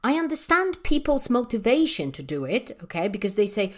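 Animated Polish-accented woman ranting. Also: medium pitch, unhurried. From Poland. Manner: passionate, emphatic, rhetorical questions. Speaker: English teacher trainer. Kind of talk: solo podcast rant.

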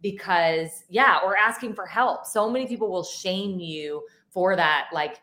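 A woman's voice: medium pitch, measured pace, bright, forceful tone. A woman co-hosting a casual podcast who talks with emphasis and acts out her past self in her stories. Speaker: podcast co-host. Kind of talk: casual chat.

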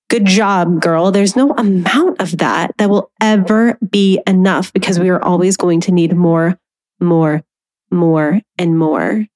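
A woman's voice: on the low side, a little mellow. A woman in her thirties hosting a solo podcast, talking candidly and conversationally, now and then acting out her inner voice with a laugh. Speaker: podcast host.

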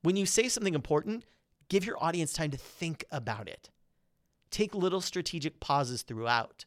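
Fast, lively male presentation coach. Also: a little high, dry recording, studio quality. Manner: quick, energetic delivery with deliberate pauses; melodic, modulated emphasis. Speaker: podcast host.

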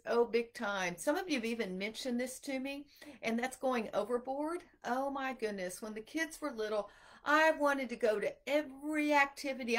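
Chatty middle-aged woman host. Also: a little high. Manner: chatty, animated storytelling with self-quotes. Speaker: homeschooling podcast host. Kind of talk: casual livestream talk.

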